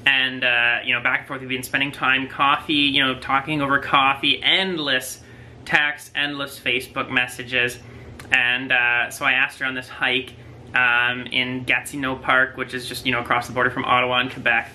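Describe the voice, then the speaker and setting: A young adult man telling stories at length in a casual couple's quiz chat, full of drawn-out asides. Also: medium pitch, level tone, pushed and bright, slight background noise, low-quality recording. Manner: rambling storyteller, drawn-out asides. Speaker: husband co-host.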